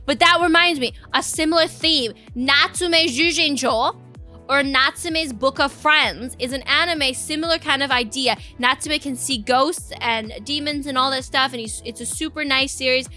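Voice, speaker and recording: A woman's voice: high voice, moderate pace, bright, forceful tone, faint music behind. A young adult woman streamer chatting casually with her viewers, rambling from one thing to the next and reacting to chat.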